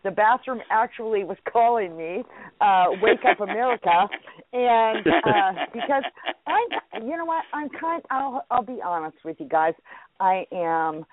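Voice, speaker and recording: A woman's voice: medium pitch, animated, a little slow. A woman hosting a casual radio talk show, chatty and rambling, laughing as she talks. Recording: phone-like radio audio.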